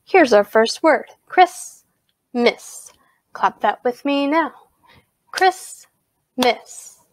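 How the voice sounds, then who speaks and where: A woman teaching a virtual music lesson to young children, giving slow, clear instructions. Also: high voice, slight background noise.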